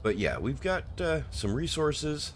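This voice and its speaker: A man casually commenting on his gameplay, relaxed and trailing off with fillers as he plays. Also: on the high side, unhurried, slight background noise. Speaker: streamer playing a co-op game.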